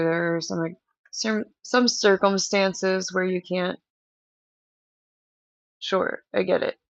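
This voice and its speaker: A woman's voice: lowish voice, gravelly, no echo, lo-fi sound. A woman hosting a livestream, chatting candidly to viewers and rambling through stories with lots of fillers. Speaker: livestream host. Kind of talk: casual chat to stream viewers.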